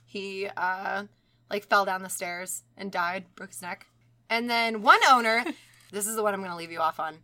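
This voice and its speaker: A young woman casually telling a haunted doll story on a podcast, animated and swearing, often laughing. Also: mid-range voice.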